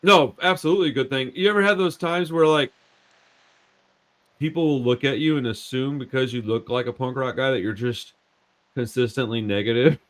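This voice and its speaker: A man in his forties hosting a podcast, talking in a relaxed way, often saying dude and bro and repeating words as he tells animated stories. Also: medium pitch, brisk. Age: 40s. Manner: laid-back, says dude and bro a lot, repeats words; animated storyteller. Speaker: podcast host. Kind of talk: casual chat.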